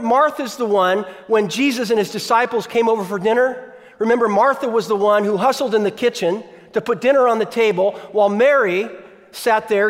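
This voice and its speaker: A man preaching a sermon as pastor, conversational, often asking the congregation questions. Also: high-pitched. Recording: long reverb of a large hall.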